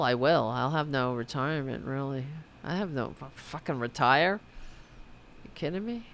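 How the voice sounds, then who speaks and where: Gravelly, rambling woman podcast host. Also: low voice. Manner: rambling, self-mocking, swears freely. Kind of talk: casual late-night livestream chat.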